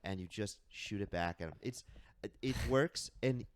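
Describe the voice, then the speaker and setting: A man's voice: fairly low pitch, normal speed, clear, resonant tone. A man co-hosting a reality TV podcast, joking and acting out the lines he imagines people saying. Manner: joking, acts out quoted lines. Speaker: podcast co-host. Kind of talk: casual chat.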